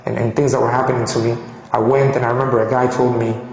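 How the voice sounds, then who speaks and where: A man from Colombia giving a personal testimony, animated and restarting phrases as he tells his story. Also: mid-range voice, fast, gravelly. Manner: animated, acts out quoted dialogue, frequent restarts. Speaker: speaker sharing his conversion story. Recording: echoey hall reverb.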